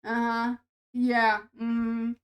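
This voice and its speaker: Streaming live, this young woman has a somewhat higher-than-average, distinctly nasal voice with a clean tone. Her delivery is completely flat and very slow as she rambles and giggles through casual viewer chat, tripping over restarts along the way.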